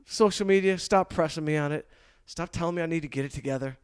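A man's voice: fairly high pitch, quick pace. A man in his forties hosting a casual chat, telling stories with energy, swearing and slipping into playful voices. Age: 40s. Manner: animated storyteller, swears, slips into playful voices. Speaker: podcast host.

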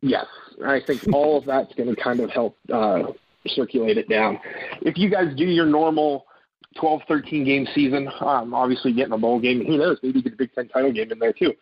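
A man with a husky, slightly breathy voice talks college football in a loose, rambling way. He keeps hedging with small qualifiers as he sizes up a player. The sound is dry and a little muffled, like a remote call. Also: medium pitch, normal speed, no echo. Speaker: guest football analyst. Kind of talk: casual sports talk.

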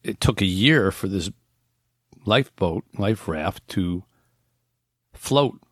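A man with a lowish voice hosts a casual podcast and walks listeners through a story, sprinkling in ums and restarts as he goes. He sounds close to the mic in a dry, dead room. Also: lively intonation, slow, a bit bright, dry recording. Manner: conversational storytelling with frequent fillers and restarts. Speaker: podcast host. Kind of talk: casual podcast, retelling a book's plot.

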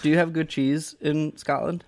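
A man's voice: fairly high pitch, fairly even intonation, normal speed, dry recording. A man co-hosting a podcast, chatty and wry in casual conversation. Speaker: podcast co-host. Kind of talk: casual chat.

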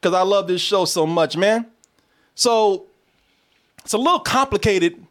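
A man hosting a casual review video, talking straight to his viewers, swearing and gushing with excitement. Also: high-pitched, unhurried, slight background noise. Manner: exuberant, swears, calls out to viewers.

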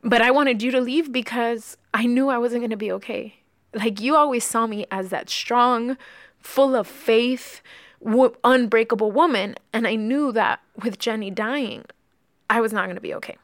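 A woman's voice: on the high side, moderate pace, no room sound, studio quality. A woman co-hosting a podcast, telling her own story in a candid, openly emotional way. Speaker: podcast co-host. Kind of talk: candid personal conversation.

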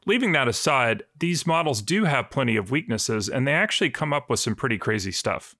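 Gravelly man reporting on a news podcast. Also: medium pitch, brisk, no echo, studio quality. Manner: relaxed, explanatory, joking.

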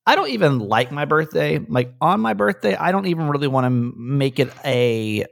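A man's voice: a little high, animated, normal speed, gravelly, dry recording, clean studio sound. A middle-aged man, a radio host, chatting casually in a rambling, self-deprecating way with many restarts. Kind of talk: casual chat.

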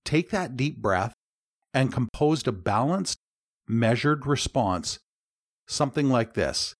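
A man of ordinary pitch co-hosts a podcast, walking listeners through advice in a measured, coaching way. His voice sounds close and dry, with no room echo. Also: animated. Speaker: co-host.

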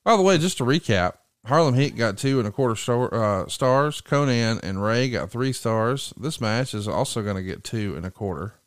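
A man hosting a podcast in casual chat, retelling stories with lively jumps in voice when quoting others. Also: medium pitch, moderate pace, hardly any pauses, smooth, no room sound, clean studio sound. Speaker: podcast host.

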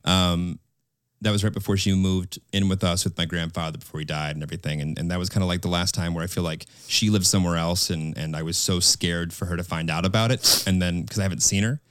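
A man's voice: sits low, steady tone, quick pace, a bit bright, clean tone, dry recording, studio quality. A young man co-hosting a podcast, telling a personal story candidly and emotionally with many restarts. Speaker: podcast co-host. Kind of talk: casual podcast chat.

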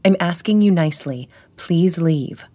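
A woman's voice: on the low side, unhurried, warm tone. A woman reading an audiobook, voicing a frightened but defiant woman who speaks firmly and tensely.

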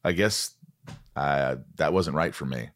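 A man's voice: rumbling low, unhurried, a bit bright. A man hosting a podcast interview, chatting casually, swearing freely and acting out quoted voices. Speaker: podcast host.

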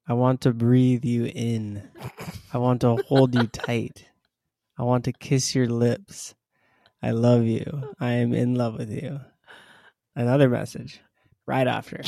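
A man giving a slow, deadpan dramatic reading of love texts on a podcast, stopping to laugh at one line. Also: mid-range voice, creaky, no echo, clean studio sound. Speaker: guest reader.

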